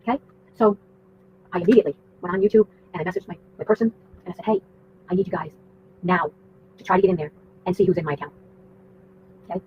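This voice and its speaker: A woman's voice: mid-range voice, expressive, fast talker, pauses often. A woman livestreaming, telling a long story in a rambling, profane, indignant way. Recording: tinny phone-like audio with faint noise.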